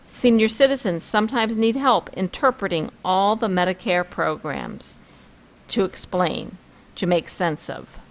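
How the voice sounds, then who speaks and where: A woman's voice: mid-range voice, animated, a little slow. A woman teaching a vocabulary lesson, reading words and example sentences aloud and commenting on pictures. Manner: reads word lists and example sentences, then comments on pictures.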